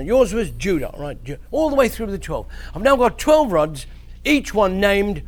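A man with a high-pitched voice preaches to children, telling a Bible story in an animated way with big swings in his voice.

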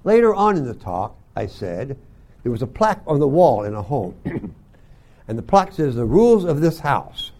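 An older man teaching a Bible school class, telling folksy stories and often clearing his throat. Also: mid-range voice, very animated, moderate pace, dark tone. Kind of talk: sermon to young students.

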